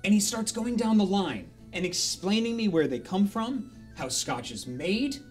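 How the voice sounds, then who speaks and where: A man telling a rambling, animated story live on a charity stream in a casual way. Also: high-pitched, a little slow, soft background music.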